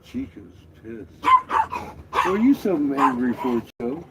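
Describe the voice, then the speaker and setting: A man's voice: medium pitch, very animated, slow pace. A man chatting playfully with his dogs, laughing, swearing and slipping into baby talk. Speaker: dog owner filming his pets. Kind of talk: casual chat to his dogs. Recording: loud background noise.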